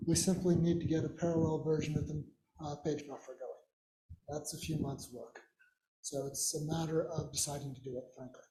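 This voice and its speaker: A man's voice: on the high side, fairly even intonation, a little fast, warm tone, echoey room, poor audio. A man at a conference discussion speaking in a matter-of-fact, frank way.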